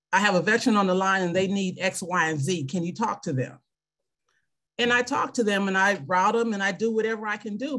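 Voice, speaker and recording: This woman's voice is lowish and a bit bright. In her fifties, a veteran now working at a clinic, she reads a scripture passage on a video call and then talks sincerely about faith and serving others, drawing on her own life.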